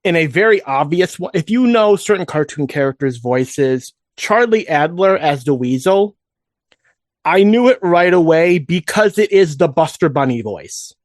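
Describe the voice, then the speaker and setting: A man co-hosting a nostalgic fan podcast, talking in a loose, rambling way with many restarts. His voice sits a little high for a man. It is recorded close and dry, with no room sound. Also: lively intonation, unhurried, dry recording. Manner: rambling, with frequent restarts and asides. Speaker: podcast co-host. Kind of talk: casual fan podcast chat.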